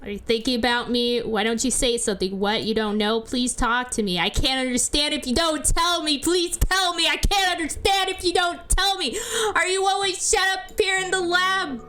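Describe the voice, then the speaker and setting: A woman's voice: high voice, normal speed, hardly any pauses, pushed and bright, a little hiss or hum, pitched above the performer's own voice. A woman voicing a curious young girl from a game who pleads and asks questions in a raised voice. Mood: pleading.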